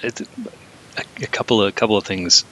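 A man's voice: lowish voice, steady tone, brisk, fairly bright tone, a little hiss or hum. A man co-hosting a podcast, chatting casually about a film and often laughing while acting out lines. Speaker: podcast co-host.

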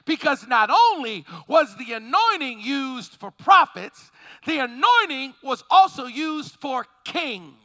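A male preacher delivers a fervent sermon with a strikingly high, very bright voice. His pitch leaps and falls in lively swings, rising into shouts as he calls for the congregation's response. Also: slow pace.

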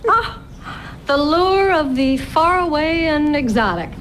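An actress playing a dreamy woman charmed by faraway places, speaking in a wistful, drawn-out way in a film clip. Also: high-pitched, lively intonation, fairly bright tone, a little hiss or hum, heavily acted, rough recording.

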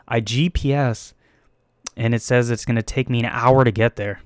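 In studio-quality audio with no echo, a young Bay Area man recounts a story casually and with plenty of rambling. His medium-pitched voice holds a steady tone at normal speed as he swears often, laughs at himself, and plays out his own panic.

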